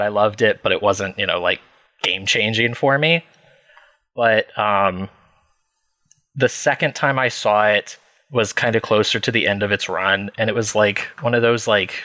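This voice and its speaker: A man's voice: fairly low pitch, pushed and bright, no echo. Chatty male podcast guest, dry sound. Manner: chatty, laughs while telling, many fillers. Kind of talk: casual storytelling.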